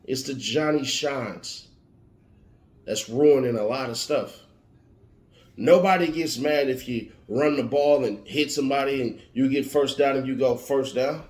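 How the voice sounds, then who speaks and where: Man, motivational monologue, preachy and emphatic, mid-pitched voice, roomy echo. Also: unhurried. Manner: preachy, emphatic, repetitive warnings. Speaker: motivational speaker.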